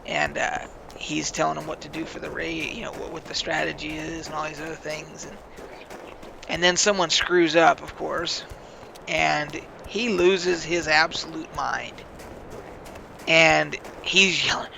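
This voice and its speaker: A man casually rambling through gaming stories while he plays, swearing freely and getting animated as the stories build. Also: fairly high pitch, unhurried, vocal fry, a little hiss or hum. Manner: rambling, profane, animated storytelling. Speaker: gaming channel host. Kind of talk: casual gameplay commentary with stories.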